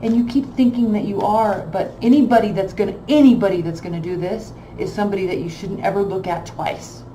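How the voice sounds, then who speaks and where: A woman's voice: mid-range voice, brisk, hardly any pauses, dark tone, echoey room, a little hiss or hum, poor audio. A woman reading tarot cards in a blunt, emphatic way, repeating phrases for stress. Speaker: tarot reader.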